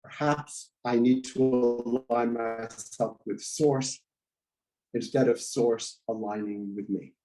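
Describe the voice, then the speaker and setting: Mellow-voiced man giving a sermon. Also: medium pitch, steady tone, faint music behind, poor audio. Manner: measured, reflective, with pauses. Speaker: guest speaker at a spiritual center. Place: church sanctuary.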